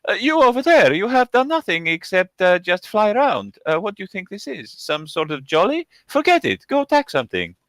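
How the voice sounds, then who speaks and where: A man's voice: sits high, huge pitch swings, fairly quick, hardly any pauses, a bit bright, no echo, voice pushed up, exaggerated voice. A man voicing a bossy male kobold who scolds an ally for doing nothing in a tabletop game. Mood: scolding. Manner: scolding, impatient.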